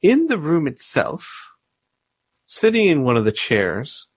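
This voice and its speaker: A man running a tabletop game as game master, describing scenes in a halting way with many fillers. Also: fairly high pitch, huge pitch swings, no room sound.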